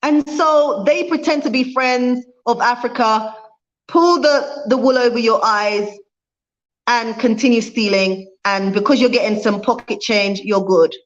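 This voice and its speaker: With the highs cut off, the recording carries a woman's highish voice moving a little slowly. She's livestreaming as a vlogger, talking fervently and repeating herself for emphasis. Viewer comments get read aloud too.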